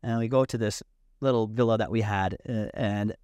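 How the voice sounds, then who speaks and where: Animated, profane male storyteller, dry sound. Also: on the low side, normal speed, no room sound. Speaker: podcast guest. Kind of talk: casual storytelling.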